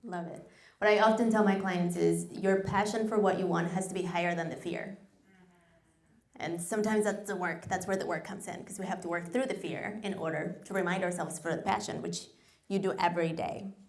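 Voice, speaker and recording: A woman's voice: on the low side, fairly even intonation, brisk, vocal fry. A woman host moderating a live panel and posing a question to the guest. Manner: affirming, asks long framed questions.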